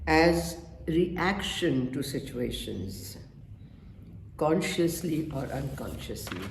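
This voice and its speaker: Slow-paced man lecturing on rhythm. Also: mid-range voice. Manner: counts beats aloud, pausing often. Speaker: webinar speaker on rhythm in music and dance. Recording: echoey room, faint background noise.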